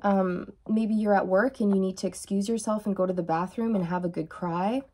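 A woman giving a channeled tarot reading, talking in a soft, emotional, reassuring way and often checking in with "okay?". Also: medium pitch, steady tone, normal speed, slightly rough. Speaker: tarot reader.

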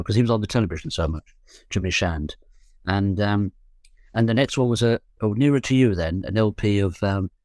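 Recalling his youth as a guest musician, a London man in his seventies tells stories in a loose, joking manner, often correcting himself. His voice is on the low side and a little mellow, with clean studio sound and no room ambience.

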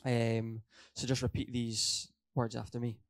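Earnest young preacher. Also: male voice, medium pitch, level tone, measured pace, faint music behind. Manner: earnest, repeats points for emphasis, slips and self-corrections. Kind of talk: sermon. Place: church hall.

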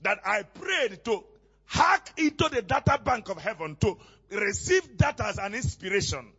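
A male pastor preaching a sermon, asking questions and having the congregation call back the missing words, often rising to shouts. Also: high-pitched, sing-song, moderate pace, breathy edge, highs cut off.

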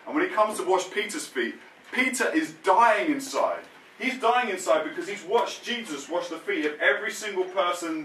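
A man preaching a sermon, telling the story in a lively way with casual slang. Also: on the high side, distant mic, a little hiss or hum. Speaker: pastor. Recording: roomy sound, mic set back from speaker.

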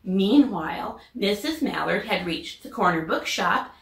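A woman teacher reading a children's storybook aloud with expressive, lively character voices. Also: mid-range voice, measured pace, creaky, reverberant.

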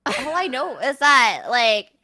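A woman co-hosting a podcast in casual chat, excitable, laughing and prone to loud outbursts. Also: high-pitched, slow. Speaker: podcast co-host.

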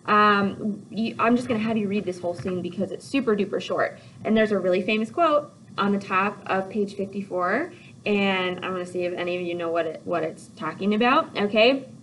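A woman teacher giving a casual, chatty video lesson, animated, with lots of "like" and "okay?". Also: mid-range voice, brisk, a little hiss or hum, rough recording.

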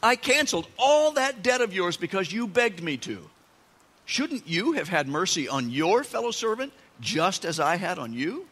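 A man's voice: sits high, sing-song, moderate pace, fairly bright tone, breathy edge, full character voice. A pastor voicing a stern rebuking king. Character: stern angry king, a master rebuking a servant. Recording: long church-hall reverb.

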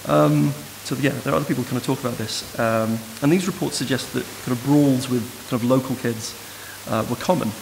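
A man giving an academic lecture in a measured, thoughtful way, recorded in a lecture room. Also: mid-range voice, creaky. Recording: noisy hiss in a reverberant hall.

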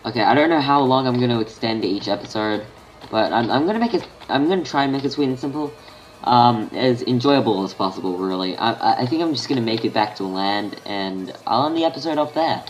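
A man's voice: medium pitch, lively intonation, fairly quick, slight background noise. A man with an Australian accent giving casual gameplay commentary, thinking aloud and muttering half-finished sentences to himself. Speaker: gaming channel host.

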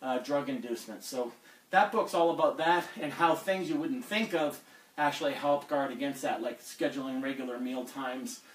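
A man's voice: medium pitch, normal speed, roomy sound, far from the mic, rough recording. A man coaching fitness on a live stream, blunt and lecturing as he talks through diet advice.

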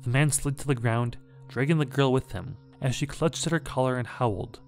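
A man reading a scary story aloud in a measured, dramatic way. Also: medium pitch, soft background music. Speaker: horror story narrator. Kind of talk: scripted horror story narration.

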